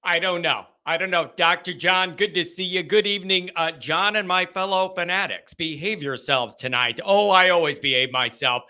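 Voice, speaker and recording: A man hosting a live college football call-in show, rambling and excitable with bursts of yelling. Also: high voice, normal speed, hardly any pauses.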